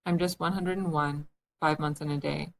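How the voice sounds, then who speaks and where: A woman's voice: deep voice, steady tone, moderate pace, vocal fry. A woman reading the part of a scatterbrained, anxious old queen in a storybook, fussy and pleading in manner.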